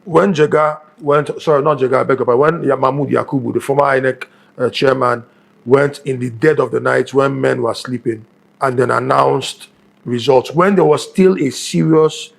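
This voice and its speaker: Guest pundit, man, gravelly voice, emphatic and repetitive. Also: mid-range voice, normal speed. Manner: emphatic, repeats for stress. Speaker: guest analyst. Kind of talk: morning show news commentary.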